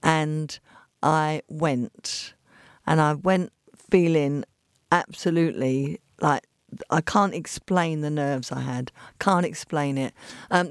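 A woman with an East London accent, a guest telling lively stories in a podcast interview and acting out the voices of the people in them. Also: low-pitched, measured pace, clear, resonant tone, dry recording, clean studio sound. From England. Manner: animated storyteller acting out quoted voices.

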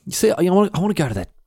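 A man's voice: high voice, very animated, rapid-fire, a little mellow, breathy edge, dry recording, clean studio sound, voice pushed up, exaggerated voice. A man voicing a shifty, whiny male schemer, mumbling and hesitant. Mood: pleading.

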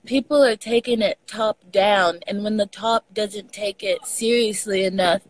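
A woman's voice: medium pitch, a little slow, low-quality recording. A woman with a Texas accent, chatting casually on a video call and telling stories with the odd swear word. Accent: Texan. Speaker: guest. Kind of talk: casual chat over a live video call.

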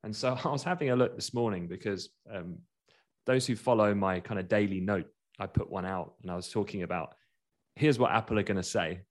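A man hosting a casual market chat, talking quickly and laughing as he goes. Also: fairly low pitch. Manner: chatty, laughs while talking, quick asides. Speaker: market commentator.

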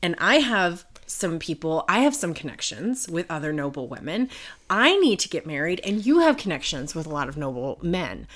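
A woman's voice: on the low side, big pitch swings, moderate pace, fairly bright tone. A woman co-hosting a podcast in casual chat, giggly and rambling, with lots of fillers. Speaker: podcast co-host.

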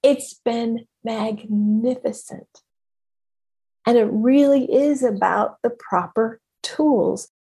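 A woman coach giving a motivational talk in an emphatic, animated way, laughing often. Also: a little high, takes it slowly, slightly rough.

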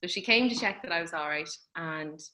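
Bright-voiced Irish woman telling a story. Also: on the low side, fairly quick, rough recording. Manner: chatty, laughs often, acts out dialogue. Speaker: mother telling her birth story. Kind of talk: casual storytelling.

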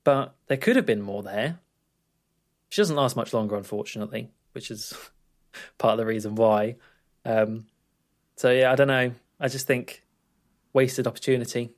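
A man co-hosting a film podcast in relaxed chat, thinking aloud with small hesitations. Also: medium pitch, normal speed, pauses often. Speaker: podcast co-host. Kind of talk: casual film-review chat.

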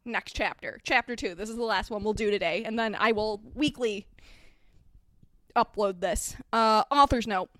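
A woman hosting a podcast, giving a mock-dramatic comedic reading with wry, deadpan asides. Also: mid-range voice, normal speed, no echo, studio quality. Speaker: podcast host reading aloud.

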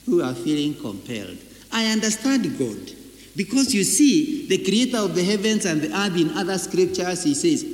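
A man's voice: high-pitched, sing-song, unhurried. A man preaching a sermon, emphatic and full of rhetorical questions, repeating his key phrases. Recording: echoey hall reverb.

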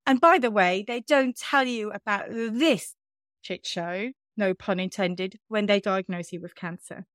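A woman's voice: mid-range voice, a little slow, a bit bright, no echo, studio quality. Candid woman telling a story. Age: 30s. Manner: candid, self-mocking storytelling with frequent fillers. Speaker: podcast host. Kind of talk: casual chat.

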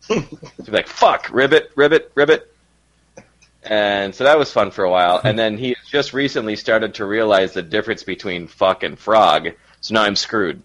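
Chuckling lower-voiced young man. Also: normal speed, a bit bright. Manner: storytelling, chuckling. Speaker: podcast co-host. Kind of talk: casual chat.

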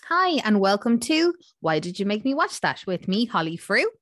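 A woman's voice: mid-range voice, sing-song, normal speed, fairly bright tone, dry recording, studio quality, soft background music. A woman co-hosting a podcast in casual chat, rambling with lots of fillers. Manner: chatty, rambling with many fillers. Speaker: podcast co-host.

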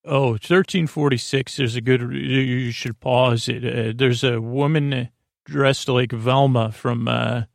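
A man hosting a sleep podcast, slowly recapping a TV episode in a meandering, halting way with many fillers. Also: medium pitch, steady tone, creaky, dry recording, studio quality. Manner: meandering, halting, full of uh and restarts. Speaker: podcast host.

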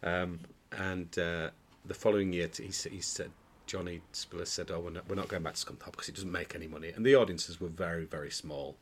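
Speaking quickly with barely a pause, the man has a deep, steady voice. As a podcast guest in an indoor studio, the pantomime dame actor tells jokey anecdotes in a casual, storytelling style, frequently restarting and laughing out loud.

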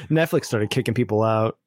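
A man's voice: fairly low pitch, moderate pace, no room sound, clean studio sound. A man co-hosting a podcast, chatting casually and hedging as he talks things through. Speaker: podcast co-host. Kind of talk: casual chat.

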